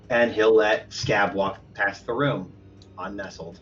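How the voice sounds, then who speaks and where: A man narrating a tabletop game as game master, in slow, deliberate narration over a dull lo-fi recording with faint music. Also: on the low side, fairly even intonation, a bit bright, distant mic.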